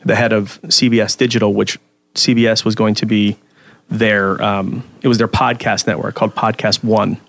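A man's voice: on the low side, little pitch movement, normal speed, creaky, fairly bright tone, no echo. A man who is a podcast guest, telling stories in a rambling casual chat full of restarts. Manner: rambling, many restarts and fillers.

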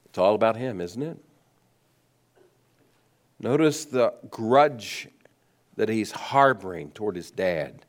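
A man preaching a sermon, asking rhetorical questions and letting his voice swing between high emphasis and low, quiet stress. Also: animated, takes it slowly, pauses often. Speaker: pastor.

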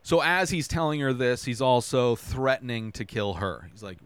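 A man's voice: mid-range voice, moderate pace, hardly any pauses, a bit bright, clear, resonant tone, dry recording. A man hosting a podcast, casually retelling a TV episode scene by scene, tossing in "right?" and loose quoted dialogue. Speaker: podcast host recapping a TV episode. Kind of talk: casual recap.

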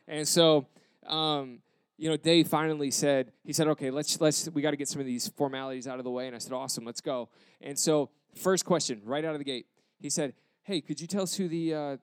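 A man in a casual storytelling style, retelling an embarrassing moment with self-deprecating, animated quoted dialogue. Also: on the high side, brisk, clean tone, no echo.

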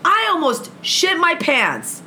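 Speaking slowly but with huge swings in pitch, a woman with a high, bright, forward voice shares a heated story about a confrontation as a guest in casual conversation. She curses constantly and dramatizes both sides of the clash with great energy. Faint noise can be heard in the background.

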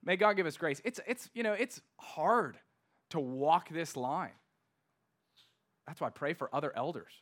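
A man preaching a sermon as pastor, emphatic, slowing down to stress key words. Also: a little high, a bit bright.

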